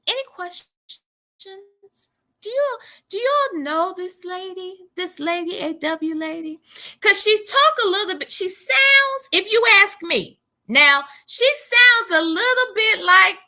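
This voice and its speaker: A woman hosting a live stream, chatting casually and sassily and reading comments aloud. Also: very high-pitched. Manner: animated, sassy, reads comments aloud.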